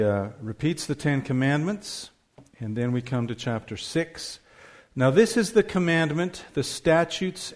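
A man's voice: fairly high pitch, darkish tone. Man declaiming scripture from the pulpit. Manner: raised, declaiming reading voice. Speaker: pastor. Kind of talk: emphatic scripture reading.

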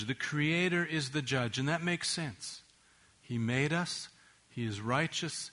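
A man preaching a sermon in an earnest, measured way, slowing down to stress key phrases. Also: fairly high pitch, pushed and bright.

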